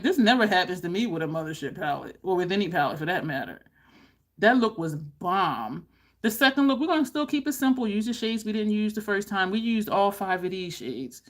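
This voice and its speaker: A woman beauty vlogger chatting to camera, animated and laughing often, with high exclaimed reactions. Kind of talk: casual chat to camera.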